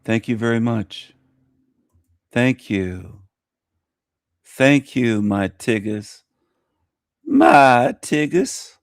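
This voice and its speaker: A man hosting his own radio show with theatrical, drawn-out greetings. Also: on the low side, no echo, studio quality. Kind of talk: casual radio patter.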